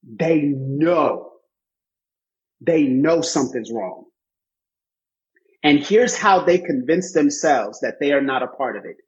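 A man co-hosting a casual podcast, speaking emphatically and in a preachy way, repeating his points for emphasis. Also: medium pitch. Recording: slightly muffled lo-fi audio.

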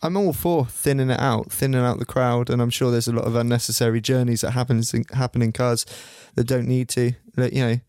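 A man on a casual podcast drops dry, wry comments in an even middle voice. The recording is close and dry, with no room sound. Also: medium pitch, brisk, hardly any pauses, smooth, no room sound. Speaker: podcast regular.

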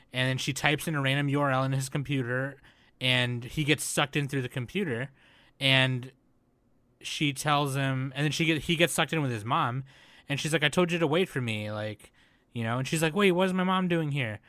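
A man co-hosting a casual anime review chat, excitable and swearing often as he mocks shows. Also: medium pitch, moderate pace, dry recording. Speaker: podcast co-host.

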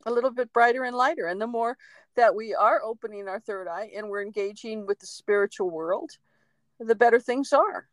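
A woman co-hosting a podcast, a medium telling a story in a lively, chatty way with laughs and acted-out quotes. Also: a little high, a little fast, no echo, poor audio. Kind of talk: casual storytelling chat.

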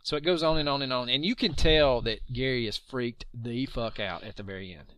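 A man co-hosting a podcast, casually talking through a mystery case in an animated way and cursing now and then. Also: mid-range voice, a little fast, smooth, dry recording. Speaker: podcast co-host. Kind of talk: casual true-crime chat.

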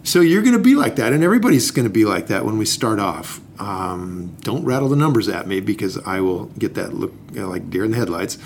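Male co-host, lively pitch, joking teacher type, faint background noise. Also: brisk, hardly any pauses. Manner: playful, jokey, animated explainer. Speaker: podcast co-host teaching investing. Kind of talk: casual chat.

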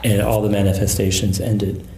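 A man who is a Catholic priest and exorcist, calmly recounting a case in an interview. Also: on the low side. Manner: calm, measured storytelling. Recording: echoey room.

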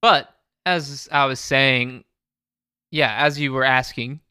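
Male co-host, bright and dry, rambling casual talker. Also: medium pitch, takes it slowly, clean tone, no echo. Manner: rambling with stammered restarts. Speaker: podcast co-host. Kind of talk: casual chat.

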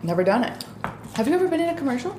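A woman's voice: sits high, sing-song, very fast. A woman co-hosting a podcast in casual chat, talking while she eats in a small home kitchen. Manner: chatty, talks while eating, with mouth full. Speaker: podcast co-host. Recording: echoey room with faint ambient noise.

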